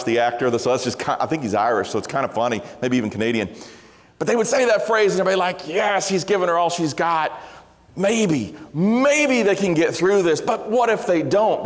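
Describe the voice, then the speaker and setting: A man preaching a sermon in an earnest, conversational way, with light self-deprecating humor. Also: on the high side. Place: large church sanctuary. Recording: long hall reverb.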